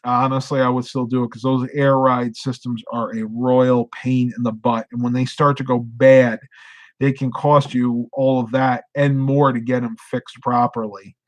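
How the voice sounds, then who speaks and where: A man's voice: mid-range voice, little pitch movement, moderate pace, no echo. Middle-aged man, drowsy late-night streamer, dry close sound. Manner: rambling, reads chat comments aloud. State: sleepy, yawning. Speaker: live streamer. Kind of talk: casual live stream chat.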